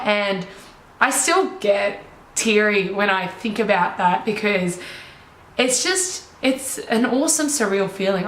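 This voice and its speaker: Animated woman in an echoey room. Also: medium pitch, takes it slowly. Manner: animated, enthusiastic storyteller. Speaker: life coach. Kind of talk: personal storytelling. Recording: roomy echo, faint ambience.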